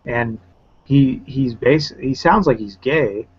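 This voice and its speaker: A man's voice: medium pitch, slow, slightly rough. A man who teaches, chatting casually on an online call and telling loose, rambling stories full of fillers. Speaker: teacher and round table panelist. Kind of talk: casual chat. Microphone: video call. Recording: slightly muffled online call audio.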